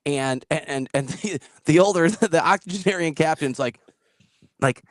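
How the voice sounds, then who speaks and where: A man hosting a casual podcast who tells stories in a lively way, laughs often and acts out the people he quotes. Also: a little high, moderate pace, no echo. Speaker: podcast host. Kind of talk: casual storytelling chat.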